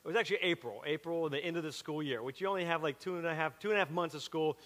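High-voiced Southern pastor, bright and animated. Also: male voice, racing. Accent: Southern with a Western Pennsylvania twist. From South Carolina. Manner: chatty, animated storytelling with frequent asides. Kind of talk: sermon with personal story. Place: church sanctuary. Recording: long hall reverb from a church sanctuary.

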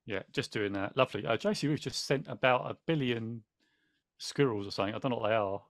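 A man's voice: medium pitch, fast, no echo, studio quality. Chatty man hosting a podcast. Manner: chatty, rambling, restarts often, thanks viewers. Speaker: podcast host. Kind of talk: casual podcast chat, reading aloud from a book.

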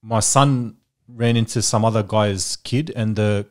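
Guest: a New man with a lowish voice who rambles through stories in relaxed podcast chat. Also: unhurried. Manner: rambling storyteller, many fillers. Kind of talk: casual chat.

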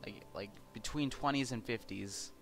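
A man's voice: medium pitch, normal speed, fairly bright tone, soft background music. A young man from California, commenting casually on a video game, rambling with many fillers, restarts and casual swearing. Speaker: let's play host.

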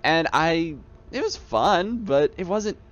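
A young man with a fairly high voice rambles with enthusiasm about the games he loves, breaking off and restarting his sentences. The sound is dull and lo-fi, as from a headset mic. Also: animated, slow pace. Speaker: YouTube gamer. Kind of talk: casual reflective monologue.

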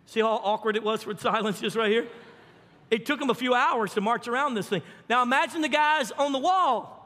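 A male pastor preaching a sermon with animated, folksy storytelling and fervent emphasis. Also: very high voice, brisk, big-room sound.

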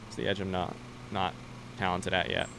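A man's voice: low voice, completely flat delivery, normal speed, fairly bright tone, slight background noise. A young man streaming a game live, chatting loosely with viewers and swearing casually as he plays.

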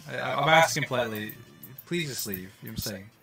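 A young man from Scotland with a softened Scottish accent, chatting casually and rambling with lots of fillers while streaming a game. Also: medium pitch, lively intonation, quick pace, vocal fry, music in the background. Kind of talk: casual livestream chat while playing.

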